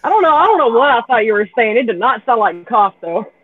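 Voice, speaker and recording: A woman's voice: on the high side, big pitch swings, fast, breathy edge, dry recording. A blunt woman who swears casually, chatting over a tinny phone-like line. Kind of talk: casual chat.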